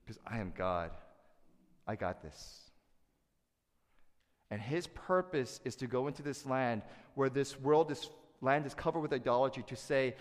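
Pastor type, man, lively pulpit delivery, mid-pitched voice, long reverb of a big hall. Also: a little slow, long pauses. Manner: animated, asks the congregation to respond. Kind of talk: sermon.

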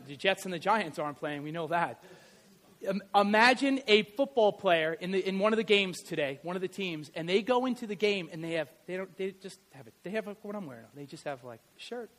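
A middle-aged man preaching a sermon, telling stories in a lively way and swinging from loud to quiet. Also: high voice. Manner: animated storytelling, varies loudness widely. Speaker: pastor and history teacher.

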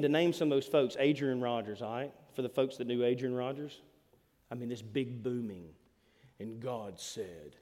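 Brief: male pastor, slightly high voice, self-mocking, live sermon with long hall reverb. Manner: self-deprecating and animated, quoting himself. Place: church sanctuary.

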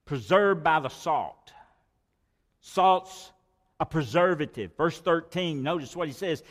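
Man preaching, slow and deliberate, higher-pitched, long reverb of a church hall. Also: lively intonation. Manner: emphatic, repeats key phrases. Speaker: pastor. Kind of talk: sermon.

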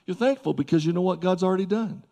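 A man preaching a sermon to a congregation in a church service, folksy and animated, with emphatic repeats and asides to the crowd. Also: high voice, fast.

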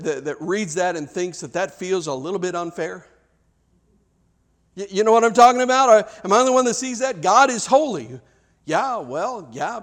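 High-voiced preacher, animated and chatty. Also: male voice. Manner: animated, conversational preaching with repeated restarts. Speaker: pastor. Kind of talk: sermon.

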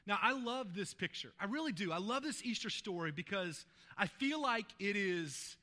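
A pastor retells a scripture passage conversationally during his sermon, often tacking on "right?" to check in with listeners. His high-pitched voice is animated, pushed and bright, at a moderate pace.

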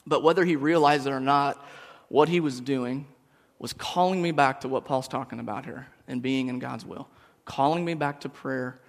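A man on a church staff giving a casual, storytelling sermon, joking with the congregation. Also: medium pitch. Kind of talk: conversational sermon. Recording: long hall reverb.

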